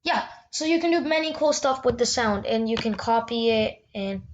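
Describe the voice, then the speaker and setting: A chatty woman with a slightly high voice talks through a software tutorial in a loose, unscripted way, leaning on "yeah" and small restarts. A faint hiss sits under the computer mic. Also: lively intonation, normal speed, muffled recording. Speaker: tutorial host. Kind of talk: casual screen-recorded tutorial.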